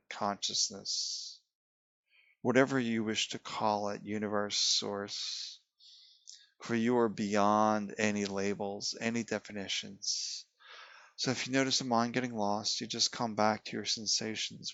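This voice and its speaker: Low-voiced man guiding a meditation. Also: no echo, lo-fi sound. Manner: calm, slow, repetitive guidance with questions. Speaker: meditation teacher. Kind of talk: guided meditation.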